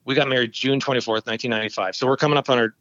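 A man's voice: medium pitch, rapid-fire, no echo, lo-fi sound. A man in his fifties, a podcast host, telling stories in casual chat and acting out quotes. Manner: storytelling, animated quoting.

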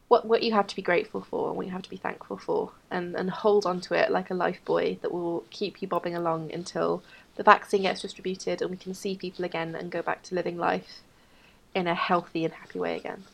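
Woman podcast co-host, gravelly fry, blunt self-deprecating humour, casual. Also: fairly low pitch, flat delivery, a little fast. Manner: frank, self-mocking, swears casually. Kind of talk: casual chat.

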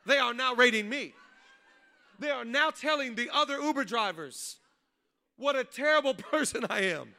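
A man, a pastor preaching a sermon, mixing funny stories with loud, rising exhortation. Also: extremely high pitch, gravelly. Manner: humorous storytelling, building to loud preaching. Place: church stage before a congregation.

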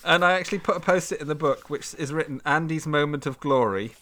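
A man's voice: fairly high pitch, fast, a loud crowd. A man co-hosting a podcast, telling a story in a casual chat, laughing often and acting out quotes. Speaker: podcast co-host.

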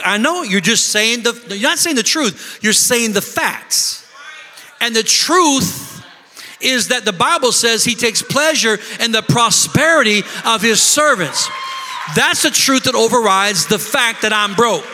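A man preaching a sermon as pastor, breaking into shouts and acting out the complaints of his listeners. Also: very high voice, lively intonation, unhurried. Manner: preaching with bursts of shouting and mimicked complaining voices. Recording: long reverb of a large hall.

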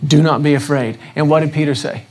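Soft music plays in the background as a man preaches a casual evening sermon at a church service, often questioning the congregation and dramatizing scripture with varied emphasis. His slightly high, somewhat mellow voice moves fast with fairly even intonation.

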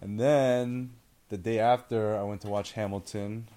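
A man's voice: fairly low pitch, steady tone, unhurried, dark tone. A man from the United States co-hosting a podcast, chatting casually with a dry, contrarian streak. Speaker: podcast co-host. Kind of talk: casual chat.

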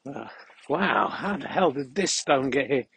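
A man hosting a podcast, talking in a deadpan, mock-serious ramble while walking a dog through the countryside. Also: medium pitch, a little slow, vocal fry, husky, no echo, rough recording. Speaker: podcast host. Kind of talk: comic rambling monologue on a walk.

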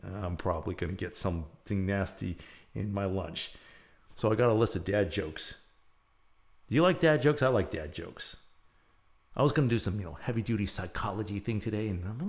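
A middle-aged man hosting his own show, talking casually in a loud, animated way and laughing at his own jokes. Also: lowish voice, moderate pace. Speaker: podcast host. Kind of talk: casual monologue with dad jokes.

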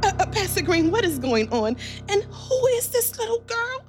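A high-strung, theatrical pastor's wife in an audio drama, played by a woman. Her high voice swoops widely as she presses everyone for answers. Faint music sits under the scene. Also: big pitch swings, moderate pace. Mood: indignant. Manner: theatrical, demanding, swoops in pitch.

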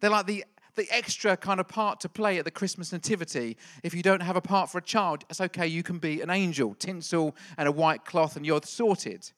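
Male pastor, middle-aged, playful teasing delivery, tense bright tone. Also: high-pitched, fairly quick, hardly any pauses. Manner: playful, jokey, quizzes the congregation. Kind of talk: lively church talk with a quiz.

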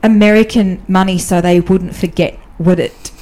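A woman guest on a podcast, talking candidly and chattily about her life as a diplomatic spouse, often restarting her sentences. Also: moderate pace. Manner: animated, often jumps up in pitch when telling stories. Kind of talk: casual podcast conversation.

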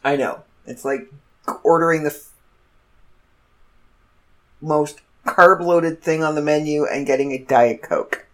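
A woman podcast host telling a funny personal story in a casual monologue, animated and often laughing. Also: deep voice, measured pace, pauses often.

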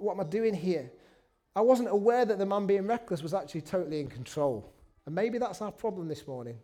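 Casting: a male preacher with a high, light voice, chatty and storytelling, jokes at his own expense. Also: warm tone. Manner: chatty storytelling with self-deprecating asides. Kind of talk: sermon.

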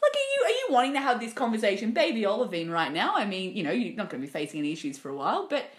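Lively, giggly woman. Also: mid-range voice, rapid-fire, echoey room. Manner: giggly, animated, teasing. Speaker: podcast co-host. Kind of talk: casual comedic chat, reading listener letters.

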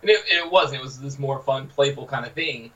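A man co-hosting a casual podcast, telling anecdotes in an animated way. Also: mid-range voice, fairly quick, recorded from a distance, highs cut off. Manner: animated storyteller. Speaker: podcast co-host.

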